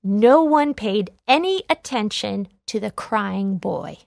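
A woman narrates a children's read-along storybook in a clear, expressive voice. She reads slowly and evenly at a middle pitch. The recording is close and dry. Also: no echo.

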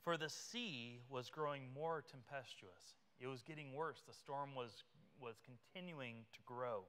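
A man's voice: mid-range voice, unhurried, a bit bright, clear, resonant tone. A man preaching a sermon as pastor, telling the story conversationally and acting out the characters as he goes. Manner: conversational, vivid retelling that acts out the characters. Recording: reverberant church hall live stream.

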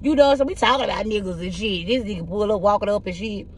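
Rough-voiced woman telling blunt stories. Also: medium pitch, quick pace, a little hiss or hum. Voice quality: rough, husky voice. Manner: blunt, profane, animated storytelling. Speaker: tarot reader. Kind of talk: casual tarot reading with storytelling.

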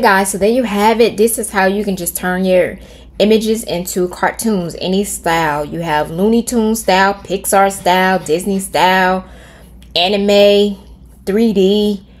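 A middle-aged woman hosting a casual screen-recorded tutorial from home, chatting with viewers and thinking aloud as she types. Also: mid-range voice. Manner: chatty, talks to viewers as "y'all"; thinks aloud while typing prompts. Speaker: tutorial host.

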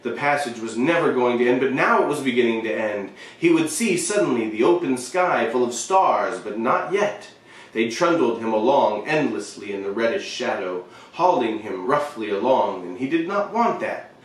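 A man reading a short story aloud, expressive, with shifting emphasis and the occasional slip. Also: mid-range voice, moderate pace, recorded from a distance. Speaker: reader. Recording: very echoey room, voice away from the mic.

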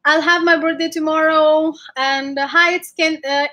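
Chatty high-voiced woman. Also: steady tone, moderate pace, bright, forceful tone, highs cut off. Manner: chatty and upbeat, with frequent ums and uhs. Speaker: bagpiper hosting a livestream. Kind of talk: casual livestream chat, reading viewer comments. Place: her room at home.

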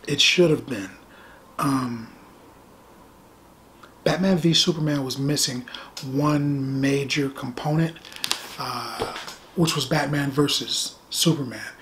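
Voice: mid-range voice, slow, long pauses, fairly bright tone, slight background noise. A middle-aged movie reviewer talking casually and animatedly, with sarcastic asides and phrases repeated for effect.

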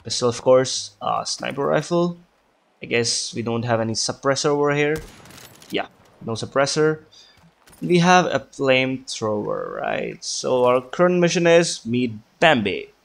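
His mid-range voice is expressive and a bit slow, marked by vocal fry. This gaming video creator offers relaxed gameplay commentary, chatting and mumbling to himself, swearing frequently, and putting on a playful accent.

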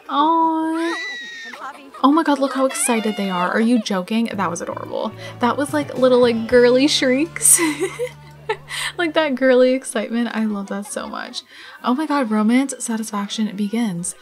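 A young woman casually commenting on her life-sim game, chatty and gushing, full of "like" and "oh my god". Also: a little high. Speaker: gaming channel host. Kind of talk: casual let's play commentary.

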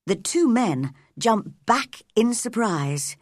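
A woman narrating a story slowly and clearly for English learners. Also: fairly high pitch, sing-song, no echo, clean studio sound. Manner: clear, deliberate.

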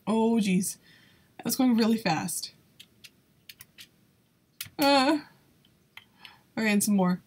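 A woman giving casual commentary while playing a video game, talking slowly in a slightly high, breathy voice. She sounds nervous and exclaims often, with frequent laughs between her remarks.

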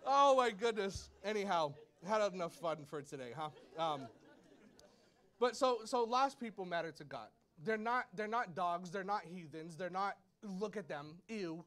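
A male pastor in his thirties preaching a sermon to a congregation, telling lively stories and acting out shouts and quotes. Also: high-pitched, moderate pace. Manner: animated storytelling, acts out shouts and quotes. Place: church hall before a congregation.

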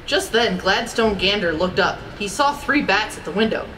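A woman reading a children's storybook aloud in an expressive, amused manner. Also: mid-range voice, moderate pace. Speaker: storybook reader. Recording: distant mic with background noise.

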